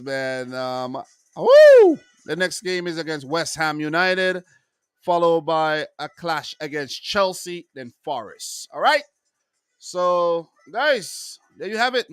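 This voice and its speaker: A man hosts his own football review channel in a loose, chatty way, wandering into asides and shouting out his viewers. His voice sits a little high and comes through smooth and resonant. The sound is close and dry. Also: no room sound. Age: adult with wife and three kids. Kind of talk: casual solo football review.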